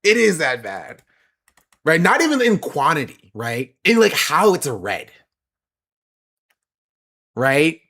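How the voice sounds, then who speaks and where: A male streamer talks casually with his chat, answering questions as they come in. His pitch swings widely, and he laughs a lot and repeats himself to drive a point home. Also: wildly swooping pitch, takes it slowly, long pauses, sharp tone, slightly rough. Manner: laughs often and repeats phrases for emphasis.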